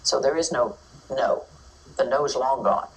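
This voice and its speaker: Brief: low-voiced woman teaching childcare, mic at a distance. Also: measured pace. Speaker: early childhood educator giving a talk. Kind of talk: informal teaching talk.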